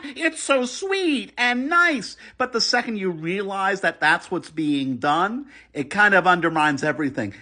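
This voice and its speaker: A man talks through a response commentary in a high, bright voice. His pitch swings widely, and he is emphatic and earnest, doubling back on his words as he pushes his point. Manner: animated and emphatic, with restarts; earnest, critical. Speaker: video commentator.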